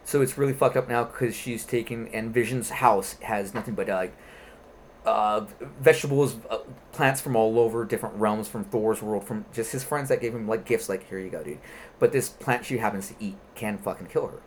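Animated, profane man retelling a comic. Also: lowish voice, normal speed, slight background noise. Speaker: comic book reviewer. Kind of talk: casual chat.

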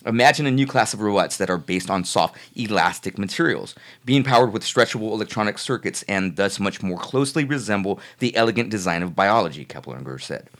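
A man co-hosting a casual podcast, reading articles aloud with a relaxed, profane manner and occasional stumbles. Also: lowish voice, brisk, few pauses. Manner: profane, laid-back, stumbles when reading. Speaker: podcast co-host reading news.

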